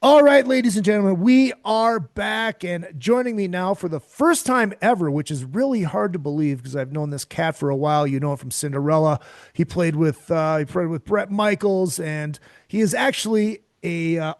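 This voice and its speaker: A man's voice: a little high, no room sound, studio quality. A man from Minnesota hosting his own podcast from home, talking in a loose, rambling way with many fillers and restarts. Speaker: podcast host. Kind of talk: casual chatty show intro.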